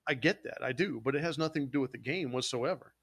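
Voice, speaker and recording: Male podcast host, mid-pitched, dry close mic, heated cursing rant, brief note. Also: fast talker, fairly bright tone, no room sound. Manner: heated, swearing, mocks gamers in put-on quotes. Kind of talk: casual profane gaming podcast rant.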